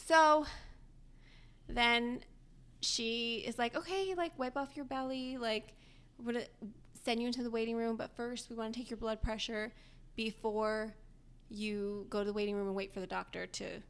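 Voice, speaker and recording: A young adult woman co-hosting a podcast, telling a story in casual chat, animated and often laughing as she acts out the people in it. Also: a little high, moderate pace, clear, resonant tone. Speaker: podcast co-host.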